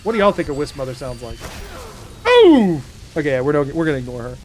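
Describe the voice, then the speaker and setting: Speaking in a mid-range voice at a racing clip, a man jokes around while streaming a game, with faint music behind him. His casual gameplay commentary is playful and aimed at his chat.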